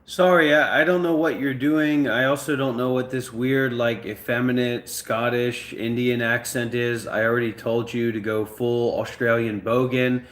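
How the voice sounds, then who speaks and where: Male host, casual talk, demanding and profane, mid pitch, echoey room recording. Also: steady tone, normal speed, hardly any pauses, a bit bright. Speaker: channel host.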